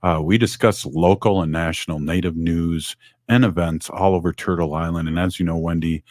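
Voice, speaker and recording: A man's voice: sits low, fairly even intonation, normal speed, a little mellow, dry recording, studio quality. A man hosting a radio show, chatting casually in a rambling way with fillers and restarts.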